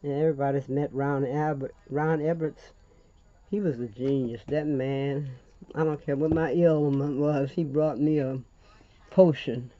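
A woman's voice: low voice, fairly even intonation, unhurried, dark tone, dry recording, lo-fi sound. An older woman with a Louisiana accent hosting a chatty crafting tutorial, folksy and rambling, calling viewers honey.

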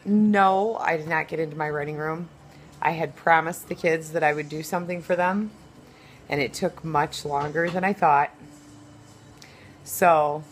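A woman's voice: deep voice, poor audio. A woman, a mother, chatting casually and teasingly to viewers while filming her family at home and in a store on a handheld camera. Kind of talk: casual family vlog chat. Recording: handheld camera with background noise.

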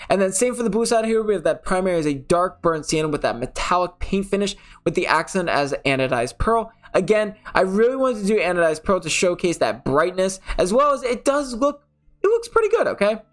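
A young man from the New York area chatting casually over game footage, often correcting himself mid-sentence. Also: high voice. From New York City area. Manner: chatty, self-correcting, rambling. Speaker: gaming channel host.

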